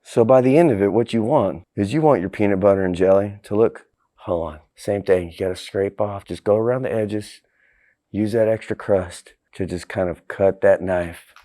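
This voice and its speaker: A man's voice: lowish voice, moderate pace, mellow. A man hosting a crude comedic cooking vlog, brash and profane, laughing often. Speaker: host.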